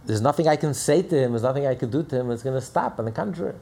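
A man's voice: mid-range voice, expressive, racing, vocal fry, hardly any pauses, dark tone. A man teaching a religious lesson in an emphatic manner, with rhetorical questions and repeated phrases. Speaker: Torah teacher.

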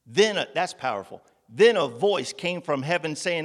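Preaching at a moderate pace in an animated, fairly high voice, a man addresses a congregation gathered in a meeting room. He asks rhetorical questions and singles out listeners by name, with long hall reverb on the recording.

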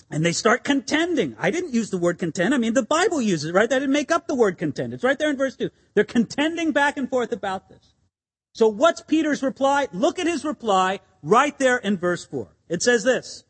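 A man pastor preaching an expository sermon in an animated, conversational and emphatic way, with asides to the congregation. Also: very high voice, normal speed, long reverb tail.

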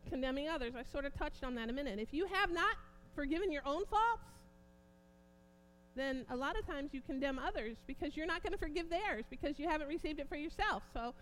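A woman preaching an informal sermon, growing impassioned and forceful at points. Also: high-pitched, quick pace, few pauses, slight background noise. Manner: impassioned, rising to near-shouting emphasis.

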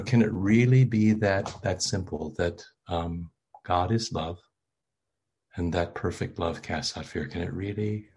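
A man's voice: deep voice, breathy edge. An older man, a pastor, preaching a sermon in a conversational, self-deprecating way with frequent fillers.

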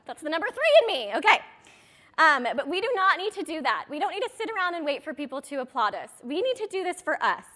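High, lively woman giving a pep talk. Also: quick pace. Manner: chatty, rambling, self-deprecating asides. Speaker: direct sales business coach. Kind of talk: motivational talk to an audience.

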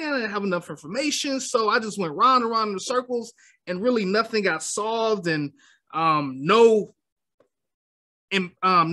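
In a podcast interview, a guest with a high voice talks as a motivational speaker. His manner is calm, measured, and explanatory, and he frequently asks "right?" to check in.

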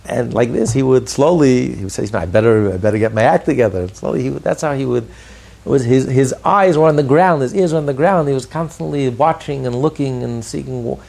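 Gravelly rabbi giving a Torah lecture. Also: male voice, medium pitch, fairly quick, darkish tone. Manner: builds emphasis through repeated phrases.

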